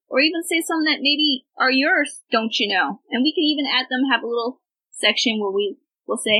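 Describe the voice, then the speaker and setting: A woman's voice: sits high, a little fast, sharp tone, rough recording. Chatty young woman podcast host. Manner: chatty, rambling, self-deprecating. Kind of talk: casual chat.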